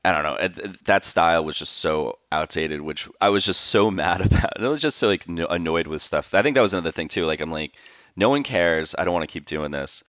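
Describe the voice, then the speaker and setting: A man's voice: low voice, fast, hardly any pauses, a bit bright, no echo. A man in his forties hosting a podcast over a video call, loose and joking, swearing casually while reminiscing. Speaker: podcast host. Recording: dry, dull lo-fi call audio.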